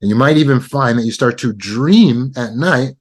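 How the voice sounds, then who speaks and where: A man's voice: mid-range voice, moderate pace. A man giving a self-help lesson on overcoming insecurity. He walks the listener through the steps one at a time and repeats his key points. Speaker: trauma recovery teacher. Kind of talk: self-help teaching talk.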